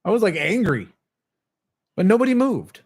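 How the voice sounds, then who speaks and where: Agitated, higher-voiced man ranting. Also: big pitch swings, normal speed, a little mellow, slightly rough. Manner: agitated, swearing storyteller who acts out others' lines. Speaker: channel host. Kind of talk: casual livestream rant.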